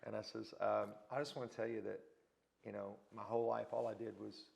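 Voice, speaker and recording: A man tells casual stories as an interview guest, his fairly low voice brisk and marked by vocal fry. He is lively in the telling and acts out anyone he quotes.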